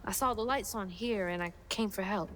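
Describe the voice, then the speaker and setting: A woman's voice: mid-range voice, moderate pace, a little hiss or hum, close to an everyday voice. A young woman, voicing a frightened young woman in a video game, pleading and urgent. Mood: desperate. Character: frightened young woman searching for her mother.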